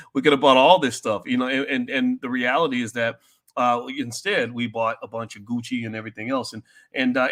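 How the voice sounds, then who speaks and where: Blunt, direct man talking to viewers. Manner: blunt and direct, with frequent restarts; rises to loud, high-pitched outbursts when worked up. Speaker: commentary show host. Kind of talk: opinionated commentary to an online audience.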